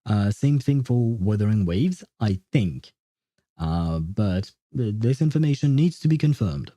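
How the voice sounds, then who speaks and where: A man's voice: lowish voice, expressive, a little slow, dark tone, no echo. A man from France, chatting casually on a game livestream, answering viewers with frequent chuckles and lots of hesitant fillers.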